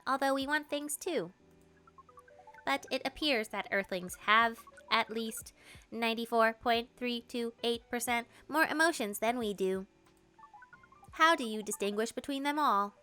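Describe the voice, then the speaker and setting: A woman's voice: on the high side, a little slow, pushed and bright, soft background music. Woman doing a stiff robotic alien. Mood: curious. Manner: formal, literal, precise phrasing. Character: stiff, curious alien visitor learning Earth ways. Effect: robotic-sounding voice. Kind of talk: game dialogue read-through.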